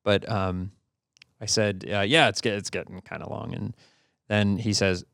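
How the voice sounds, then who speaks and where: Man, low gravelly voice, casual podcast storytelling, dry close mic. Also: level tone, fairly bright tone, dry recording. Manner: easygoing, halting with fillers and restarts. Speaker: podcast co-host.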